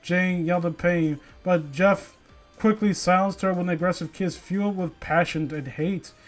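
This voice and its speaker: Young dude reading a story out loud, keeps ranting and swearing at it, kinda high voice. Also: male voice, steady tone, moderate pace, faint music behind. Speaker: reader and commentator. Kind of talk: comedic dramatic reading with commentary.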